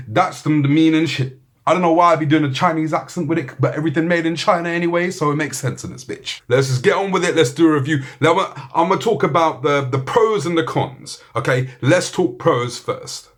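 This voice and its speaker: A man's voice: fairly high pitch, expressive, moderate pace. A man with a British accent giving a casual, joking gadget review, full of swearing and banter. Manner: profane, joking, laid-back. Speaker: tech reviewer.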